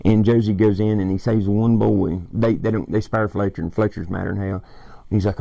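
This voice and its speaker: A man's voice: fairly low pitch, fairly even intonation, a little fast, gravelly, mellow, no room sound, dull audio. A man casually retelling a movie plot, rambling and swearing as he quotes lines. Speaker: movie fan vlogger.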